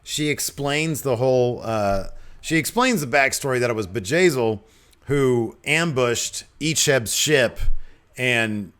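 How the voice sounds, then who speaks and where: A man co-hosting a podcast, recapping an episode step by step with lots of ums and quick quoted lines. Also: medium pitch, expressive, fairly bright tone, clean tone. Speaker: podcast co-host.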